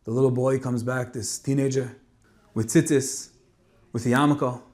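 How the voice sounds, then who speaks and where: A man delivers a Torah talk as a dramatic story. His delivery swings between forceful emphasis and quiet, hushed passages. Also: mid-range voice, steady tone, normal speed. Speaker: speaker giving a Torah talk. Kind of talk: emotional storytelling sermon.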